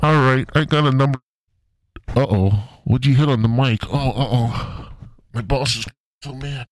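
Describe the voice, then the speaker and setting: A man voicing a stammering, overly polite young fast-food order taker. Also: mid-range voice, dry recording, voice pushed up, natural voice. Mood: flustered.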